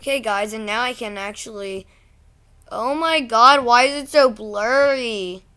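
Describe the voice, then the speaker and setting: A woman talking through a casual vlog, ranting and easily exasperated at what she sees. Her voice is bright and a bit high, and her delivery is unhurried and drawn out. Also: smooth. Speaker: channel host.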